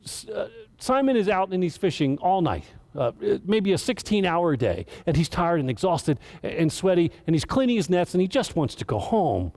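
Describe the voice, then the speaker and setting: A man's voice: sits high, big pitch swings, moderate pace, darkish tone. A man giving a casual, earnest sermon as director of children's ministry, stumbling and restarting as he tells the story.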